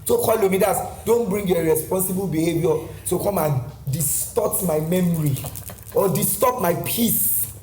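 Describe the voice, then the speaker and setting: A man's voice: sits high, moderate pace, dark tone, slight background noise. A Nigerian man in his forties, a guest in a casual chat, exuberant and theatrical, often breaking into sing-song. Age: 40s. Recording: echoey room with faint music.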